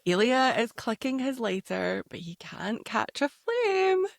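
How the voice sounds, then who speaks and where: A woman's voice: a little high, measured pace, creaky, dry recording. Gushing woman podcast co-host, dry sound. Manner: gushing, animated fan, laughs often. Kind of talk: casual chat recapping a TV show.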